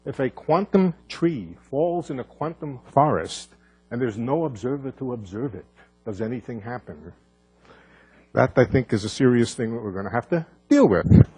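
Husky man lecturing at a conference. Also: mid-range voice, a little mellow. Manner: thinking aloud with fillers and restarts, dry asides. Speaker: physicist giving a conference talk. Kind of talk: live conference lecture, unscripted.

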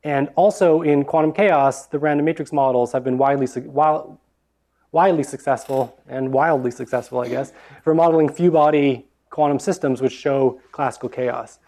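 A man's voice: medium pitch, moderate pace, warm tone. A young man giving an academic lecture with slides, talking with many fillers and restarts.

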